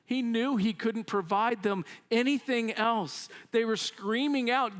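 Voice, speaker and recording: A male pastor delivers a sermon in an unhurried, deliberate way, his voice rising and falling widely as he retells a story. He talks conversationally, sprinkling in asides and acting out the complaints of the people in the story. The sound rings with the long reverb of a church sanctuary. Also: very high-pitched. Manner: animated storytelling, acts out quoted complaints; conversational, frequent "I mean" asides.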